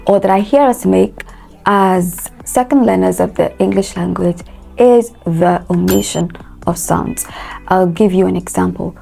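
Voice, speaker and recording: A woman teaches English pronunciation with a warm, dark tone and a noticeable vocal fry. She spells each word out letter by letter, repeats it slowly, and asks listeners to say it after her. Soft music plays faintly behind her. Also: on the low side. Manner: instructive, spells words out letter by letter and repeats them. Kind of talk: pronunciation lesson.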